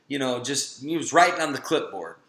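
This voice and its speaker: A man's voice: mid-range voice, animated, a little fast, fairly bright tone. A man in his thirties giving a motivational webinar talk, telling a personal story and acting out the voices he quotes. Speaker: webinar speaker. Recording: echoey room.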